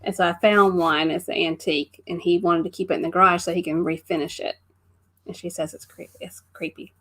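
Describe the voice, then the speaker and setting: A woman's voice: on the low side, steady tone, fairly quick, a bit bright. A middle-aged woman co-hosting a casual live stream, greeting viewers by name and laughing often. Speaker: co-host of a live travel stream.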